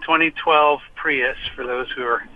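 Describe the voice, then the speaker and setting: A man's voice: mid-range voice, fairly even intonation, unhurried, a crowd in the background. A man joining a radio interview by phone from his parked car, talking in a wry, self-deprecating way with frequent stammered restarts. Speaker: guest musician. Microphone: phone call. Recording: muffled lo-fi phone line.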